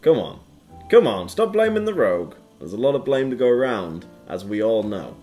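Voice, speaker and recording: A man's voice: on the low side, big pitch swings, moderate pace, darkish tone, faint music behind. A man hosting his own gaming channel, casually commenting on a card game with playful quips and goofy sound effects while reading card text aloud.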